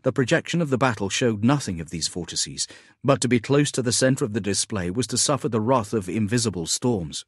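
A man reading a science-fiction audiobook in a measured, even storytelling manner, with a husky voice. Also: fairly low pitch, no room sound, studio quality. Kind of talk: scripted audiobook narration.

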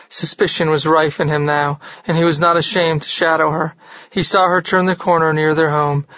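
An audiobook narrator reading a literary novel in a steady, even manner. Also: mid-range voice, dry recording, lo-fi sound.

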